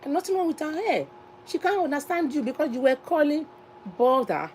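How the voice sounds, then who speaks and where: A woman's voice: high-pitched, fast talker, dark tone, slight background noise, rough recording. A woman from Nigeria with a Nigerian accent, hosting a casual live stream chat and talking in a chatty, repetitive, emphatic way.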